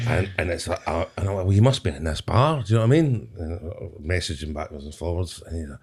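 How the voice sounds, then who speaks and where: A man's voice: low-pitched, expressive, moderate pace, a little mellow. A Scottish man telling a long comic story as a podcast guest, rambling, swearing and laughing through his asides. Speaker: guest comedian. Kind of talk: casual storytelling.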